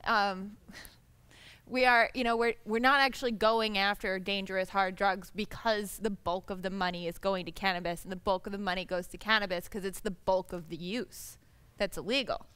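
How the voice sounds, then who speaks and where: A woman panelist answering a question, thinking aloud with pauses and fillers. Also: mid-range voice, steady tone, a bit bright, clean tone, dry recording. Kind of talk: panel discussion.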